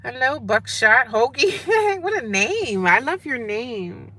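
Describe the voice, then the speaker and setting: A woman's voice: medium pitch, lively intonation, a little slow, pushed and bright, slight background noise. Sassy woman chatting with her viewers. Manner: sassy, playful, calls viewers girl and sis. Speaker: vlogger. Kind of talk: casual livestream chat with commenters. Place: homeless shelter.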